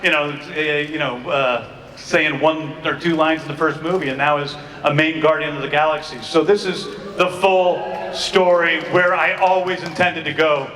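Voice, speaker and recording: A man's voice: a little high, steady tone, moderate pace, a bit bright. A man on a convention panel, talking in a reflective way with loose fillers. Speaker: film director on a convention panel. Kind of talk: panel talk. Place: large convention hall. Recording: echoey hall recorded from far off.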